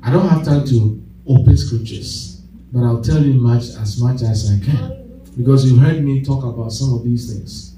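A mid-range, mellow male voice at a moderate pace leads a church sermon, with congregational call-and-response and laughing fits as the pastor tells stories. A bit of hiss or hum sits under the echoey, distantly miked sound of the hall.

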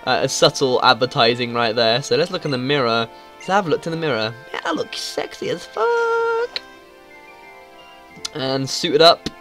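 A man recording casual let's-play commentary as a gaming YouTuber. He is excitable and swears freely. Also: medium pitch.

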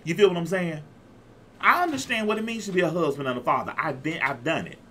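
With exuberant call-and-response preaching full of repeated phrases, a man in his fifties calls out to his listeners as pastor. He speaks fast and expressively in a slightly high, somewhat bright voice, with a little hiss or hum in the recording.

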